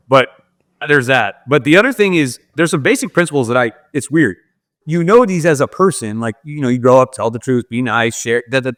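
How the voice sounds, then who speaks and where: A man's voice: mid-range voice, fairly bright tone, no room sound, clean studio sound. A man, a podcast guest, telling a personal story in candid, casual talk full of "like" fillers.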